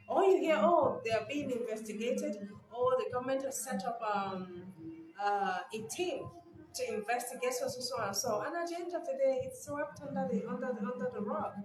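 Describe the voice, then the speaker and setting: A woman from Nigeria giving casual vlog commentary, animated and incredulous, laughing often. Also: sits high. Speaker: news commentator. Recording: echoey room with background music.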